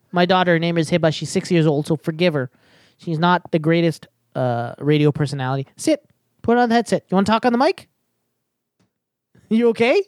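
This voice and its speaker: Woman host, loose talky podcast delivery full of restarts, fairly low pitch, dead dry headset sound. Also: animated, fairly quick, a little mellow, dry recording. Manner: rambling, with many fillers and restarts. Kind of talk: casual podcast chat.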